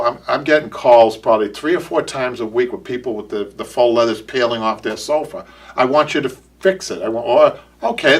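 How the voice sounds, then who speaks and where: A man with a medium-pitched voice, recorded from a distance, hosts a live upholstery show from the shop he owns. He speaks with a Boston accent, and his live-stream chat is casual and rambling, full of restarts and repeated words.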